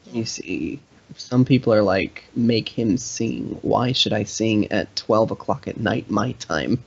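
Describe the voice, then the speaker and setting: A man's voice: lowish voice, expressive, unhurried, gravelly, slightly rough, muffled recording. A man casually hosting a live stream, reading viewer comments aloud and joking around. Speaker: live stream host answering chat.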